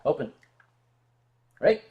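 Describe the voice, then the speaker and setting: A man's voice: slow pace, dull audio, slight background noise. A tipsy man hosting a casual drinking livestream, reading out viewer messages and joking around. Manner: reads viewer messages aloud, joking and rambling. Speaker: livestream host.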